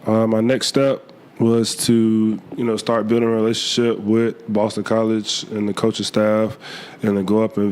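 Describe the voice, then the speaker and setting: A young man, a college football player, answering interview questions earnestly, a little hoarse from a cold, with many fillers and restarts. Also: on the low side, darkish tone. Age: young adult.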